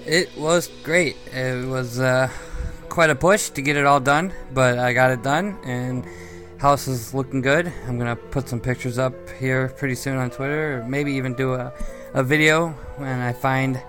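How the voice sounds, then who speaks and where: A man's voice: medium pitch, fairly even intonation, moderate pace, fairly bright tone, faint music behind. A man co-hosting a podcast, telling a long, rambling personal story in a conversational way. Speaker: podcast co-host. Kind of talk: casual podcast chat.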